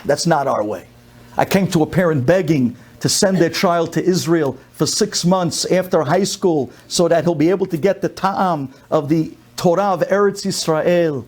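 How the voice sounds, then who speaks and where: A middle-aged man from the United States, a rabbi telling a story in a sermon and acting out the people in it. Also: high voice. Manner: animated storyteller, acts out the people in his story.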